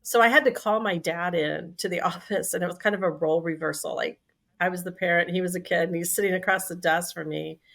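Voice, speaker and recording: A woman in her sixties, a company CEO, telling a lively story in conversation and acting out the quoted dialogue. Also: on the low side, fast talker, creaky.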